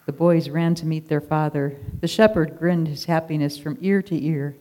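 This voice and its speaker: Expressive narrator reading a children's story aloud. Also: medium pitch, normal speed, few pauses.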